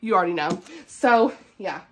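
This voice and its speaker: A woman's voice: lowish voice, lively intonation, moderate pace, a bit bright, a little hiss or hum. A woman, chatting enthusiastically about books to her viewers, laughing often. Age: 30s. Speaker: booktuber. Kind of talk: casual book chat to camera.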